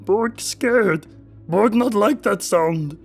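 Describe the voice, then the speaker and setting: A giant, dim-witted ogre with a surprisingly high, loud voice that drags each word out slowly and mangles its grammar. He sounds eager and childlike, easily frightened, like a big gentle creature in an audio horror story. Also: gravelly, soft background music, exaggerated voice. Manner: broken grammar, slow and eager. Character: huge simple-minded male ogre, childlike and timid.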